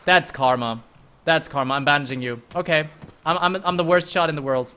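A man streaming a game live, commenting excitedly, swearing often and talking to his chat. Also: a little high, moderate pace, clean tone. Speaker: livestreamer.

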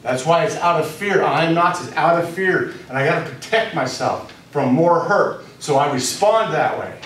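A man giving a spiritual teaching to a small group, speaking deliberately and repeating key phrases for emphasis. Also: fairly high pitch, lively intonation, a bit bright. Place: room with a live audience. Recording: very echoey room, distant mic, faint noise.

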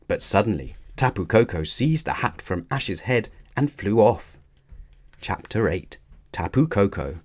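A man narrating a children's storybook aloud in an expressive, measured way. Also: on the low side. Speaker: storybook reader.

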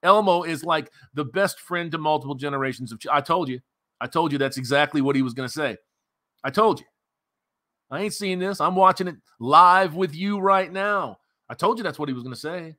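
A man's voice: on the high side, brisk, bright, forceful tone. A man hosting a commentary channel, mocking a news story in a sarcastic, profane rant.

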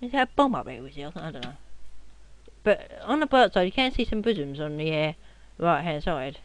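A young man giving casual gameplay commentary at his computer, rowdy and swearing, often yelling at the game. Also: on the high side, big pitch swings, a little fast, clean tone, dry recording. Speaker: gaming commentator.

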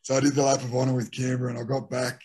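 A man's voice: mid-range voice, racing, breathy edge. A middle-aged Australian former rugby league player telling stories from his career in a casual interview, re-enacting what teammates said. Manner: animated anecdotes with re-enacted quotes.

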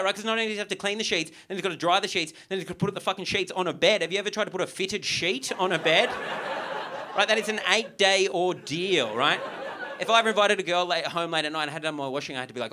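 A man's voice: fairly high pitch, lively intonation, quick pace, background noise. A young Australian man doing a stand-up comedy set, chatty and self-mocking, with many asides to the crowd on a theatre stage.

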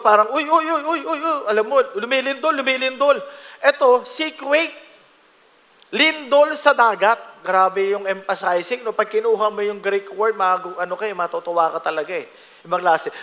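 A man's voice: sits high, sharp tone, big-room sound. A man with a Filipino accent preaching a sermon, reading Bible verses and explaining them with frequent "no?" tags. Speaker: pastor.

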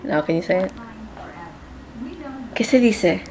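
A woman talks slowly and playfully to camera as a mom vlogger. She slips Spanish phrases into her English, with faint room noise underneath. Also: lowish voice, darkish tone. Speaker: vlogger and mother. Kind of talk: casual daily vlog chat.

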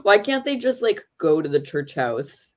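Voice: medium pitch, very animated, a little slow. A podcast co-host giving incredulous, joking reactions in casual chat.

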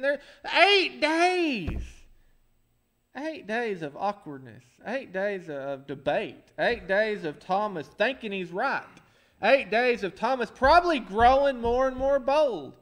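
A pastor preaching a folksy sermon that swells into emphatic calls. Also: male voice, very high voice, big pitch swings, a little slow, a bit bright.

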